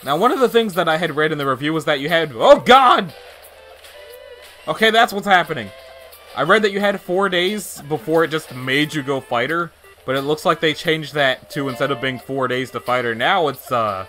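A man giving casual gameplay commentary, chatty and animated, thinking aloud as he plays. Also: fairly high pitch, a little fast, faint music behind. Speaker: let's play gamer.

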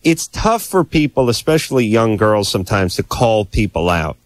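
A man's voice: fairly low pitch, very animated, moderate pace, dry recording. A man hosting a call-in advice radio show, blunt and sarcastic, mixing jokes into his advice from a radio studio.

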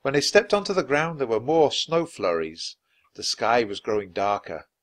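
A man reading a children's storybook aloud for English learners in a clear, steady, measured way. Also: medium pitch. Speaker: storybook reader.

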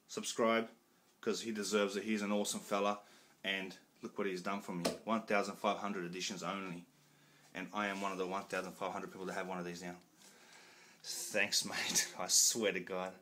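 A man talking excitedly in a home unboxing vlog, loud, swearing and repeating himself. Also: on the low side. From Australia. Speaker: collector showing off a box set. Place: room at home.

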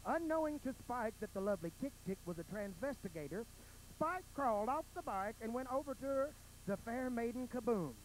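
Casting: male drag queen, very high voice, campy storybook narration, faint stage noise. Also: expressive, a little fast, rough recording. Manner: mock-sweet fairy-tale narration with campy emphasis. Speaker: drag performer. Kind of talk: bawdy comic storytelling on stage. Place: pageant stage.

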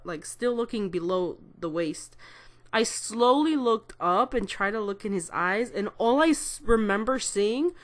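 A woman in her twenties rambling through a personal story to camera, swearing and correcting herself as she goes. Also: a little high. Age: 20s. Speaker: vlogger. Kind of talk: casual storytelling.

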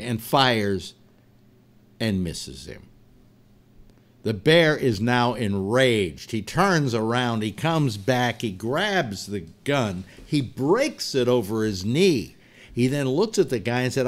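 A man hosting a talk show, telling a long joke to his panel as an animated, laughing storyteller. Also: medium pitch. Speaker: radio show host.

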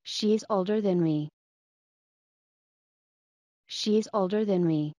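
A woman's voice: mid-range voice, slow, dark tone, no echo, clean studio sound. A woman reading short everyday English phrases for learners, each one twice, carefully enunciated.

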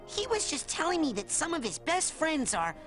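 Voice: sits high, wildly swooping pitch, normal speed, music in the background. An actor voicing an eager young boy recruiter who speaks earnestly and persuasively.

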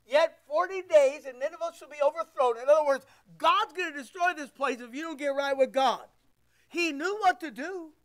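A man preaching a sermon as pastor, emphatic and rhetorical, repeating his phrases. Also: very high-pitched.

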